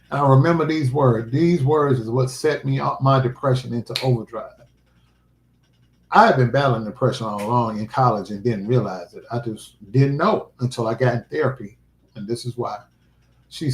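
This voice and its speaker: A middle-aged man hosting a livestream, telling a personal story in a halting, emotional way. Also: medium pitch, a little mellow, a little hiss or hum. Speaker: livestream host. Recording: roomy echo.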